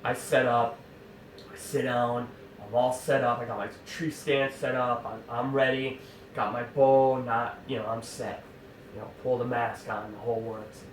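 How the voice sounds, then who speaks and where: A man telling an animated, exasperated hunting-camp story in a casual way, full of fillers and asides. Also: mid-range voice, measured pace, slight background noise. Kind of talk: casual spoken anecdote. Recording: roomy sound from a distant mic.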